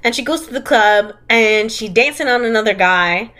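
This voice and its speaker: A woman's voice: fairly high pitch, expressive, moderate pace, sharp tone. A young woman co-hosting a casual podcast, sarcastically recapping a movie's plot, laughing often and acting out the characters' lines. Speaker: podcast co-host.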